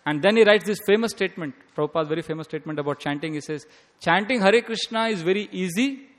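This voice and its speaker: A man's voice: high-pitched, quick pace. A man delivers a devotional lecture, moving between storytelling and quoted scripture. His words carry a long reverb, as if spoken in a large hall. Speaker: speaker giving a devotional talk.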